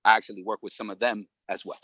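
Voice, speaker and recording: A middle-aged man with a low voice talks openly and emotionally in a casual panel conversation. He laughs often and fills his speech with likes and you-knows. The sound is dry and close. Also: flat delivery, fast talker, fairly bright tone, dry recording. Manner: open, emotional, laughs often, many fillers. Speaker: panel guest.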